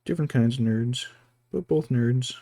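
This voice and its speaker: A man's voice: mid-range voice, moderate pace, warm tone, dry recording. A man streaming as he paints miniatures, talking casually and muttering to himself as he works. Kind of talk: casual chat while working.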